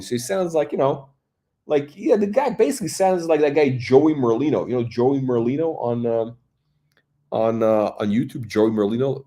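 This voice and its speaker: A man's voice: medium pitch, animated, normal speed, warm tone. A middle-aged man hosting a watch review, rambling through casual commentary and storytelling as he searches for words.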